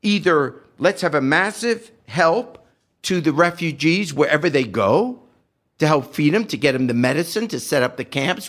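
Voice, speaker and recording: With a high, fairly bright voice, this older podcast guest delivers indignant, impassioned political commentary. He rattles off rhetorical questions laced with sarcasm.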